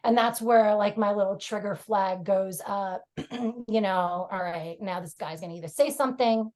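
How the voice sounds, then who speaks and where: A woman's voice: medium pitch, moderate pace, a little mellow. A woman comedian with a New York accent, chatting frankly on a podcast with lots of fillers and laughter. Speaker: comedian guest. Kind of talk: casual podcast chat.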